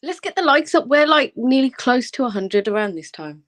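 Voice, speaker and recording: A fairly high-pitched woman hosts an open livestream panel in relaxed chat. She teases and jokes, switching quickly between guests over a video call. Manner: playful, teasing, jokey.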